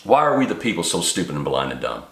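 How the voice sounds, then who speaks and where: A man's voice: low-pitched, very animated, quick pace, gravelly. A middle-aged man ranting to camera in an agitated monologue, his voice climbing sharply when he gets worked up. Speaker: video maker. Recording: echoey room.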